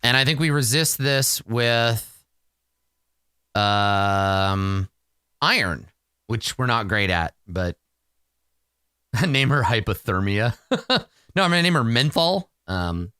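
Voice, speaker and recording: Unhurried man narrating a solo tabletop game. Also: medium pitch, smooth, no echo, clean studio sound. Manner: relaxed, rambling, self-amused.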